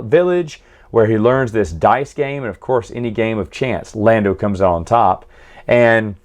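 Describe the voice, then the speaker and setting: A man's voice: on the low side, a little mellow. Chatty man giving an opinionated review. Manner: chatty, opinionated, with frequent self-corrections. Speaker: book and comic reviewer. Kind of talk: casual spoken review.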